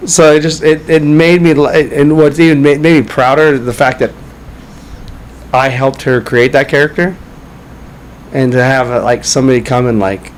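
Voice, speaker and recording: A man's voice: medium pitch, fairly even intonation, normal speed, slight background noise, rough recording. A young man co-hosting a casual chat show, swearing freely and laughing often. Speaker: podcast co-host. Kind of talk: casual banter.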